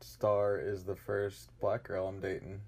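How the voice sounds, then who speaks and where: A man's voice: low-pitched, monotone, measured pace, husky. A man from Pennsylvania, a podcast guest, speaking hesitantly with many fillers in casual chat. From Lancaster, Pennsylvania. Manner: hesitant, soft-spoken, with fillers.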